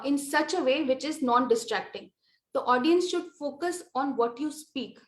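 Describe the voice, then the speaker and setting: A woman with an Indian English accent teaches presentation skills, her voice pitched high and steady. She explains step by step, pausing often with small fillers. The room around her rings with a noticeable echo. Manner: measured, explanatory with frequent fillers. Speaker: lecturer.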